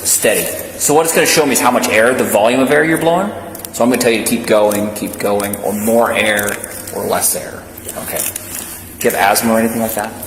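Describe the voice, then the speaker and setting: A male police officer calmly giving a detainee step-by-step instructions. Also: fairly low pitch, brisk. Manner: calm, reassuring, step-by-step. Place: police station room. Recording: echoey room with loud background hum.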